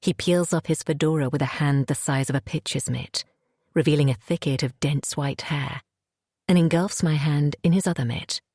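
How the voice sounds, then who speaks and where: A woman narrates a thriller in a low, husky voice, her first-person telling tense and haunted. The studio sound is close and completely dry. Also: steady tone, normal speed, mellow, dry recording. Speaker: audiobook narrator.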